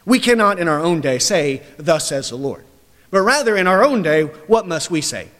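Man, preacher, sermon, emphatic, forceful, highish voice, long hall reverb. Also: animated, a little fast. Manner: forceful, emphatic, rising to loud declarations then dropping low.

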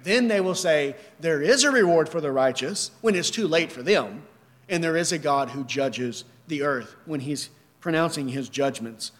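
A male preacher delivers an emphatic sermon, asking and answering his own questions. His voice sits high for a man. It rings out with long reverb, as in a large hall. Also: a bit bright. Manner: earnest, emphatic, repeats rhetorical questions.

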